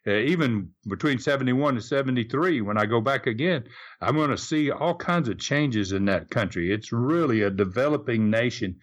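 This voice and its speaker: Older Southern US man, mid-pitched, rambling interview storyteller full of restarts. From Southern United States. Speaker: retired wrestler guest. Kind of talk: casual reminiscing interview.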